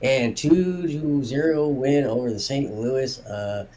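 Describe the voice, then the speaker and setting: A man co-hosting a history show, reading entries in a relaxed, offhand way. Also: mid-range voice, takes it slowly, poor audio. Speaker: co-host. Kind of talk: casual history chat.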